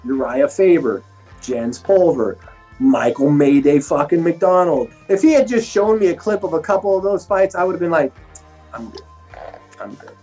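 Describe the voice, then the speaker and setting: Profane, animated man, mellow voice. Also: a little high, moderate pace, soft background music. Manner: profane, animated storytelling with acted-out quotes. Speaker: former MMA fighter, police defensive tactics instructor. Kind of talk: casual interview chat.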